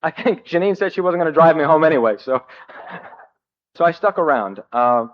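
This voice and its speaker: A man shares his recovery story with a group in a wry, self-mocking way, pausing often on fillers. His voice sits a bit high for a man. The recording is a dull, muffled old cassette. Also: animated. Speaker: speaker at a recovery meeting.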